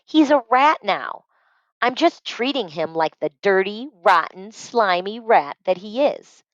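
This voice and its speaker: A bratty young girl whines and protests in a high, squeaky storybook voice, put on by a woman reading aloud. She sounds petulant and sneering. The recording is dry and a little muffled. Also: lively intonation, unhurried, dry recording, natural voice. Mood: whiny. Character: bratty whining young girl, taunting older sister.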